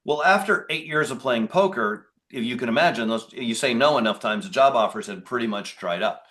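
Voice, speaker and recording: A man's voice: mid-range voice, animated, fairly quick, fairly bright tone. A man being interviewed as a guest. He talks in a conversational, rambling way and often restarts his sentences. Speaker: podcast guest, business owner. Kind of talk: casual interview talk.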